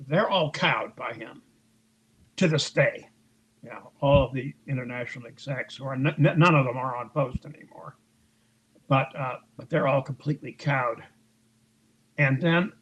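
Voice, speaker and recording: On a muffled recording, a man with a mid-range voice that's a bit bright and slightly rough is interviewed as an author. He narrates events at length and conversationally, raising his voice to act out what others said, while fillers and restarts come up often.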